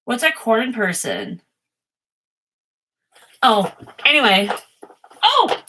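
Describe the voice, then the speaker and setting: A bright, clear-toned woman chatting her way through a tarot spread. She rambles and gets sidetracked, giggling as she goes, with a middling pitch. Her talk is loose and unscripted. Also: animated, measured pace. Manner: rambling, easily distracted, giggly. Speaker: tarot reading streamer. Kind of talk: casual chatty tarot reading.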